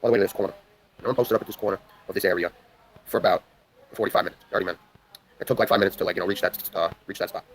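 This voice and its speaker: A man's voice: low voice, fairly even intonation, rapid-fire, pauses often, a little hiss or hum, poor audio. A young man from the New York area tells a long story on a livestream. He talks in a rambling, intense way and swears a lot. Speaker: livestream host.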